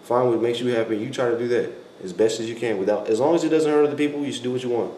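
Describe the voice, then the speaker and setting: A man's voice: medium pitch, racing, warm tone. A young man hosting a casual vlog, answering viewer questions in a rambling, self-correcting way and laughing often. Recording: echoey room, faint background noise.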